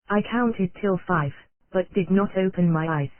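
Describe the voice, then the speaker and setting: An audiobook narrator reading an old nonfiction text in a steady, unvaried way, spelling out abbreviations letter by letter. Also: mid-range voice, a little slow, no room sound. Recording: dry, tinny phone-like sound.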